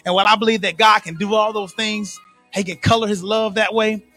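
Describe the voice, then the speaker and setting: A man preaching a sermon to his church, swinging from soft, slow lines to shouted, sing-song peaks. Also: high voice, fairly even intonation, soft background music. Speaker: pastor.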